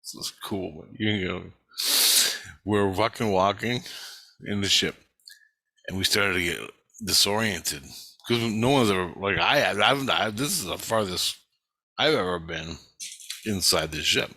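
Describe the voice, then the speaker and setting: A vlogger recounts an astral travel experience in a casual, rambling story, swearing a lot and often restarting his sentences. His voice sits low but is bright and forceful, with a measured pace and long pauses.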